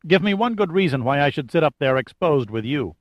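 A man's voice: a little high, expressive, fairly quick, dry recording, natural voice. A man doing a sardonic, gloomy sidekick. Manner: dry, sardonic, mock-weary. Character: wisecracking, gloomy male sidekick. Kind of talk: audiobook character voice. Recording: dull lo-fi dry recording.

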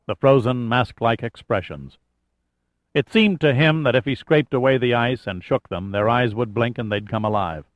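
A male audiobook narrator telling an adventure story in a steady, measured way. His voice sits in a middle pitch. The recording is close and dry, with a slightly dull, muffled tone. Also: dry recording. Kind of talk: scripted narration.

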